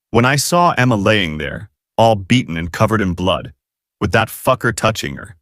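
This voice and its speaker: A man narrates a first-person romance audiobook. His voice is low yet lively, with wide swings in pitch and a dramatic, emotive delivery. The recording is dry and close, with no room echo.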